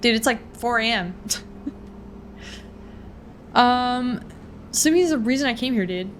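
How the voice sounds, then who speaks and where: Woman streamer, casual game commentary, swears a lot, fairly high voice, faint background hiss. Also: expressive, a little slow. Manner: blunt, profane, reactive. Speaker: gaming streamer.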